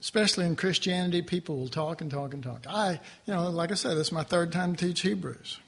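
A man teaching a Bible class in a conversational, animated sermon style, with asides to his listeners. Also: on the high side, quick pace, vocal fry.

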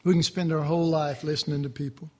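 A man teaching a Bible class in a conversational, animated sermon style, with asides to his listeners. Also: a little high, quick pace.

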